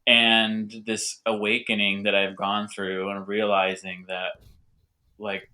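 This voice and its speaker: Eager bright-voiced man, low pitch. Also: little pitch movement, slow. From North America. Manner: enthusiastic, rambling with many fillers. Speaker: winemaker guest. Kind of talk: casual conversational interview.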